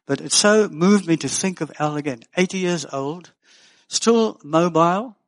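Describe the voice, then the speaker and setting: A man's voice: fairly high pitch, unhurried. An older man preaching a sermon as pastor, folksy and earnest with joking asides.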